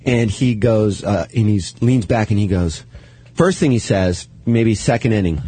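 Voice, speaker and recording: A man's voice: on the low side, animated, normal speed, mellow, slightly rough. A man hosting a casual radio chat, telling loose, profane stories. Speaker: podcast host.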